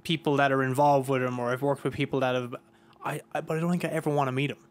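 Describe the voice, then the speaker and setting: A man hosting a podcast, chatting casually in rambling, animated stories full of swearing. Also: medium pitch, fast talker. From Ireland. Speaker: podcast host. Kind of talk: casual chat.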